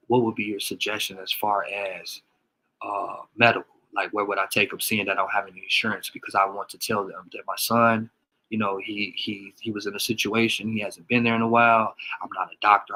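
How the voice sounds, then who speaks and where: Gravelly, husky-voiced man talking haltingly. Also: fairly low pitch, bright, forceful tone. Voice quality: voice crackles. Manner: halting, repeats words, emotional. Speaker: father talking to his followers. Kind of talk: casual vlog monologue.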